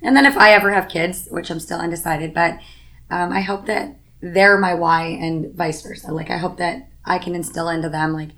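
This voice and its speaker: A woman talks in an earnest, upbeat way during a casual podcast chat. Her voice is fairly low with a gravelly, fry-laden edge. She leans on fillers and restarts as she thinks aloud. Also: steady tone, moderate pace, fairly bright tone.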